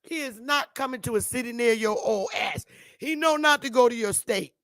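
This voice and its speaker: A woman's voice: on the high side, normal speed, a bit bright, no echo, clean studio sound. A woman vlogger delivering a profane, taunting ranting monologue and laughing often.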